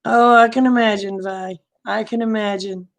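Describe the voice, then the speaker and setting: Here a woman with a mid-range voice, fairly even intonation, and some vocal fry talks at normal speed. She's hosting a laid-back livestream, calling out viewers by name and telling candid stories about her life with plenty of laughter.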